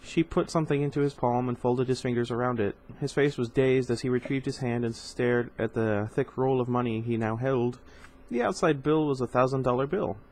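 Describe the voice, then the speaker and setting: Male reader, casual novel reading, informal asides, middling pitch. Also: brisk, few pauses, a little mellow, low-quality recording. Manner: informal, stumbles over foreign words.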